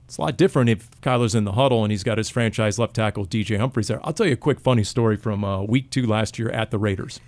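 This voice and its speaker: A man co-hosting a sports podcast, telling animated stories and joking with his co-hosts in casual chat. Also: fairly low pitch, quick pace, few pauses. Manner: animated storyteller, jokey. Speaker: podcast co-host.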